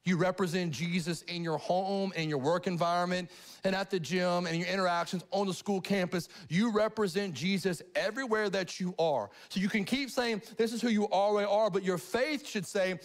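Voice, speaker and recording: Middle-aged male pastor with a high-pitched voice, preaching live with animated call-and-response energy. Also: moderate pace. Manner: animated, asks the congregation questions. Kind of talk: live sermon. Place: church sanctuary.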